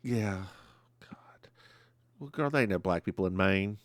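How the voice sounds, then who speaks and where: A man's voice: deep voice, measured pace, no room sound, clean studio sound. A man with a Southern US accent co-hosting a podcast, chatting sassily and playfully about a TV episode. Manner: sassy and playful, calls his co-host girl. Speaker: podcast co-host. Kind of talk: casual chat about a TV episode.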